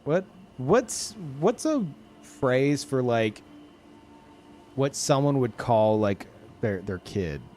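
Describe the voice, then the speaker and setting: A man streaming a video game, chatting casually, rambling and searching for words with swearing and quick laughs. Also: mid-range voice, sing-song, darkish tone, slight background noise. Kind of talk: casual chat while gaming.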